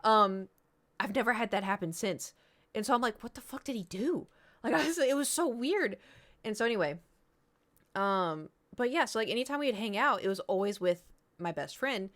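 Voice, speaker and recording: A woman's voice: mid-range voice, normal speed. Rambling thirty-something woman streamer. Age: 30s. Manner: rambling, filler-heavy, lively quoted voices. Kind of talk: casual storytelling chat.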